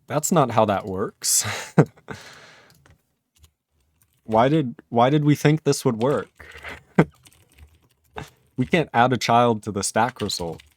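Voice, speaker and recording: A man's voice: mid-range voice, expressive, slow, pauses often. A man live-streaming his programming work, thinking aloud in casual talk, chuckling often and chatting with his viewers.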